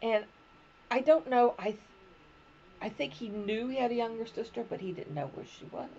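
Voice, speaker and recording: Gravelly older woman telling family stories. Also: on the high side, moderate pace, darkish tone, highs cut off. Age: 70s. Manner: rambling personal storytelling. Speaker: crochet podcast host. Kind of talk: casual chat.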